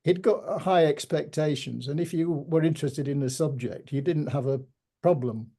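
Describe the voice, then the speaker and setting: Older Yorkshire man, reflective and mellow. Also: fairly high pitch, gravelly. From Yorkshire, England. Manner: measured, reflective storyteller with gentle humour. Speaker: interviewee. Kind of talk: reminiscing conversation.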